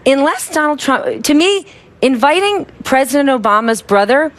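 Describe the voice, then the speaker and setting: A woman's voice: sits high, very animated, moderate pace. A woman news anchor questioning a guest on live TV. She is direct and pressing, and she cuts in with challenges. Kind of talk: pointed interview questioning.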